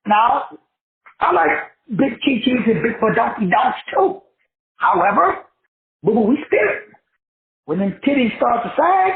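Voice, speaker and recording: A man's voice: very high-pitched, big pitch swings, measured pace, vocal fry. A man called Doc giving a motivational class, preachy and profane, riffing in rhymes as he teaches. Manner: preachy, profane, rhyming riffs. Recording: tinny phone-like sound in an echoey room.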